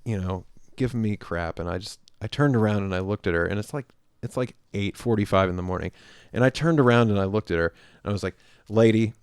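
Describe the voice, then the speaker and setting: A man with a fairly low voice tells a rambling story on a podcast. He acts out the quoted lines and laughs a lot. The sound is dry and close to the mic. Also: fast, smooth, dry recording. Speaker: podcast co-host. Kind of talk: casual storytelling chat.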